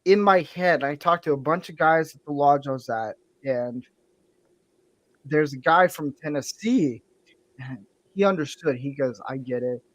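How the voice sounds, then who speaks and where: Guy with a light southern drawl rambling on a podcast, bit high voice, dry close mic. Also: unhurried, dry recording. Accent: light Southern American. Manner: rambling, laughs often, drawls his R's. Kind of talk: casual chat.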